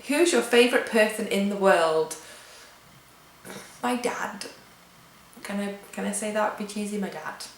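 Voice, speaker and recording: Reading tag questions aloud and replying offhand, a young Englishwoman with a British accent chats casually in a home vlog. Her mid-range voice is a little slow with long pauses, and the rough recording has an echoey room and a little hiss or hum.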